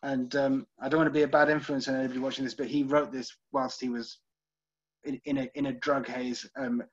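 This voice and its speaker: A British man from the United Kingdom guides a live online literary tour, chatting casually with viewers, checking in with them and saying um a lot. His medium-pitched voice is flat, a little fast and breathy, with lo-fi sound.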